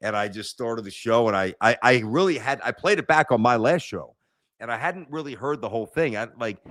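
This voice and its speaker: A man's voice: mid-range voice, animated, brisk, fairly bright tone, no room sound, clean studio sound. A middle-aged man with a New York accent, telling stories bluntly as a guest on a sports podcast, with stammered restarts. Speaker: sports radio host, guest. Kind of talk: casual podcast chat.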